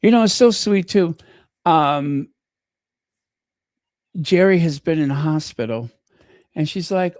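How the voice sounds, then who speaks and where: A man's voice: high-pitched, lively intonation, unhurried, long pauses, a little mellow, no echo. A man hosting his own channel in casual live commentary, chatty and thinking aloud as he reads viewer comments. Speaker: channel host.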